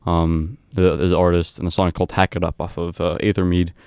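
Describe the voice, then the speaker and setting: A man working as a radio DJ, casually back-announcing songs in a halting way, with many ums and uhs. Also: low voice, little pitch movement, darkish tone, clear, resonant tone, no echo, studio quality.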